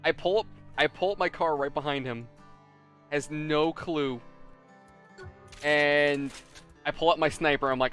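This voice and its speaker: Gaming host, male, higher-pitched, laughs a lot, acts out quotes; game music faint underneath. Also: measured pace, pauses often. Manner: laughing, animated storytelling with voiced quotes. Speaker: let's play host. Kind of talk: casual gaming chat.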